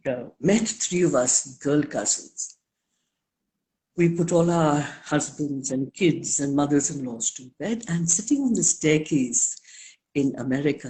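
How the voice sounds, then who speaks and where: An older woman with a low, unhurried voice talks as an interview guest. She speaks deliberately and leans on words for emphasis, taking her time over each thought. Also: mellow. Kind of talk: live interview talk.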